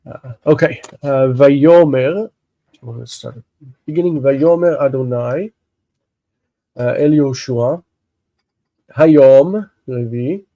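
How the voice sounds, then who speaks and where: A man with congested sinuses, slowly explaining a Bible text in a live lesson, halting and thinking aloud with many fillers. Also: medium pitch, warm tone, no room sound, lo-fi sound. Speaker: Hebrew teacher.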